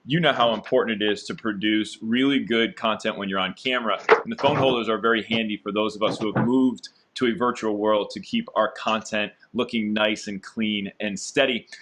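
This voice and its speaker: A man's voice: on the low side, fairly even intonation, normal speed, hardly any pauses, noisy background. A man hosting an interview over a video call, upbeat and encouraging, with frequent fillers. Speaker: interviewer and host.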